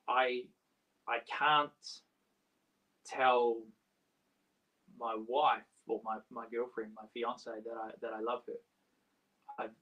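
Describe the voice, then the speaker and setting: A man preaching a sermon in a casual, halting way, restarting often and swinging between quiet and loud. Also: medium pitch, rough recording. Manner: halting, with many restarts and a wide swing in loudness. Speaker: pastor.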